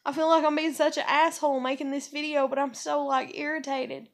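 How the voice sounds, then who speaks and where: A woman rambles through a casual vlog chat. Her voice sits a little high, and she peppers every thought with "like," "you know" and plenty of cursing. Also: little pitch movement, a little fast. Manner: profane, rambling storyteller; heavy use of fillers "like" and "you know". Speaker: vlogger.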